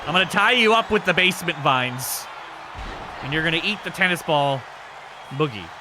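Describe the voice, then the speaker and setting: A man hosting a live stream, giving casual commentary on a wrestling game with excitable, crude joking. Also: on the high side, normal speed, a crowd in the background, background noise. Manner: excitable, crude and joking, yelps at big moves.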